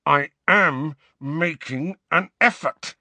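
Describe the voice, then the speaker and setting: A man's voice: a little high, slow pace, sharp tone, no room sound, pitched above the performer's own voice, exaggerated voice. A man voicing an angry, defiant teenage boy wizard who talks in a raised, pushing voice.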